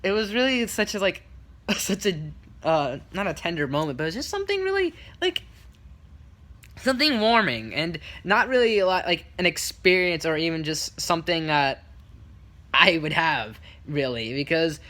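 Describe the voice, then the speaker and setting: Male vlogger, bright, rambling storyteller, lively retelling with quoted voices. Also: a little high, moderate pace. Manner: rambling, full of restarts and fillers. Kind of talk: casual story time.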